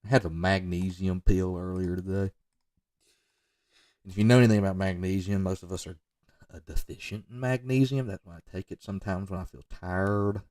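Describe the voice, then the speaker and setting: A man commenting off the cuff on football highlight film, rambling into joking asides and talking straight to the players. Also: steady tone, moderate pace, darkish tone, dry recording, recorded from a distance. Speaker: football recruiting video reviewer.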